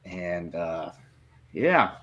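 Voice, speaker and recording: A man co-hosting a podcast in casual chat, telling his picks in a measured, opinionated way. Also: low-pitched, very animated, a bit bright, muffled recording. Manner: measured, drawn-out storytelling, opinionated. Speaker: podcast co-host.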